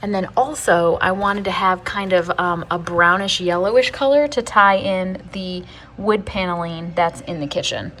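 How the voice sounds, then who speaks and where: A woman talking casually through her home renovation, chatty and quick to laugh, thinking aloud as she works indoors. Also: fairly low pitch, fairly bright tone, slight background noise. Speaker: homestead vlogger. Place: inside a house being renovated.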